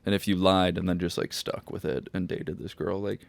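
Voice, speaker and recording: A man's voice: low-pitched, a little fast, creaky. A man co-hosting a podcast, telling stories with lots of swearing and laughter. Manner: swearing, laughing storyteller, animated when quoting. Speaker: podcast co-host. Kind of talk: casual chat.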